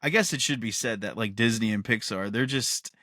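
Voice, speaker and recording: A man's voice: on the low side, brisk, sharp tone, dry recording, clean studio sound. A man co-hosting a podcast in a casual chat, rambling with enthusiasm and laughing often. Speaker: podcast co-host.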